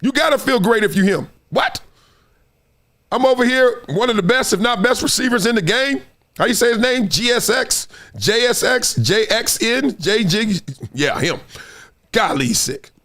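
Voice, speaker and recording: A man hosting a casual sports commentary show, animated and slangy, speaking straight to his viewers and slipping into sing-song bits. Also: high-pitched, normal speed.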